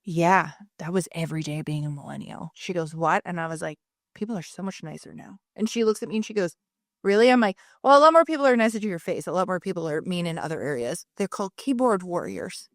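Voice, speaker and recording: A woman's voice: lowish voice, fast, no echo, studio quality. A woman in her thirties co-hosting a podcast in casual chat, telling stories with acted-out quotes and free swearing. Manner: animated storyteller, swears freely, acts out quotes. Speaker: podcast co-host, mother.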